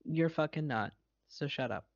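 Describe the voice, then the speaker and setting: A man's voice: a little high, animated, normal speed, vocal fry, no room sound. A man co-hosting a podcast, blunt and sarcastic and swearing freely, recorded over an internet call. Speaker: podcast co-host. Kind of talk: casual chat. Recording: muffled dry call recording.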